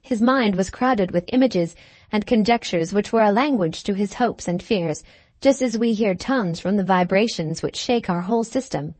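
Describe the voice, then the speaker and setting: A woman reading a classic novel aloud as an audiobook narrator, in a measured, even manner. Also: mid-range voice, dry recording. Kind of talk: scripted narration.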